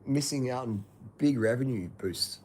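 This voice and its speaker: A man's voice: mid-range voice, normal speed, a little mellow, slight background noise. Laid-back blunt man, slangy. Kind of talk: casual chat.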